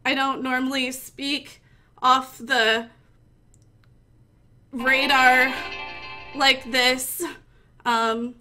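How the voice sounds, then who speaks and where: A woman's voice: high-pitched, level tone, extremely slow, pauses often, sharp tone, faint music behind. A young woman streamer from Missouri giving a gushing, giggly mock acceptance speech, pretending to hold back tears.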